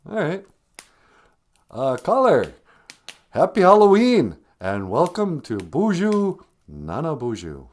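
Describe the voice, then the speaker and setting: Joking live stream host. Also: male voice, fairly high pitch, slow. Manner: joking, laughs often, deadpan asides.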